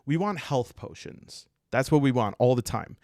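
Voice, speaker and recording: A man hosting a casual podcast, explaining ideas in an animated, digressive way with jokey asides. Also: mid-range voice, moderate pace, no echo, clean studio sound. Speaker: podcast host.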